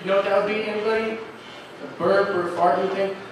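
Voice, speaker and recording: A man in his forties tells self-deprecating stories in a stand-up set, his voice sitting high for a man. He is picked up from a distance on a handheld mic, so the club rings with heavy echo. Steady noise hangs behind him. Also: very fast. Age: 40s. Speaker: stand-up comedian. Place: comedy club stage. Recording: echoey club from far off, noisy.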